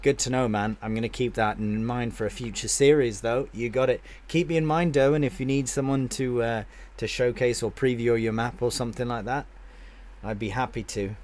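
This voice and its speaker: A man's voice: medium pitch, steady tone, brisk, a little mellow. A man live-streaming a game, chatting casually with his viewers and answering their comments aloud, often restarting his sentences.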